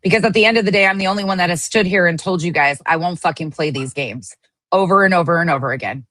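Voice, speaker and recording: A woman's voice: lowish voice, fast talker, fairly bright tone, no room sound. A woman giving heated livestream commentary, ranting angrily and swearing often. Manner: angry, profane ranting. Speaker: online drama commentator.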